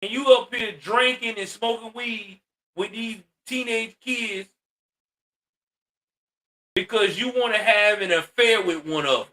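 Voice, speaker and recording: A man with a bright, high-pitched voice delivers blunt, profane commentary, lecturing his listeners. He sounds exasperated and straight-talking. The voice sits a little back from the mic. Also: a little slow, pauses often, recorded from a distance. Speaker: commentary host. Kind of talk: ranting social commentary.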